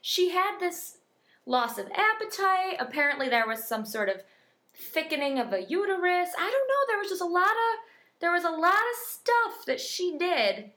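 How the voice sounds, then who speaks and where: A woman's voice: very high voice, very animated, normal speed, sharp tone. A woman co-hosting a podcast, chatting casually and reading out odd news stories in a playful, giggly way. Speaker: podcast co-host.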